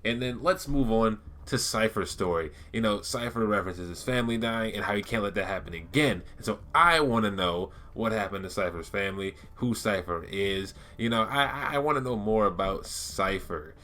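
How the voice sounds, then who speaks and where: A man's voice: on the low side, lively intonation, moderate pace, hardly any pauses, sharp tone. A man talking casually and enthusiastically to his viewers, rambling with lots of fillers and restarts. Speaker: gaming YouTuber. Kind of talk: casual lore-talk vlog.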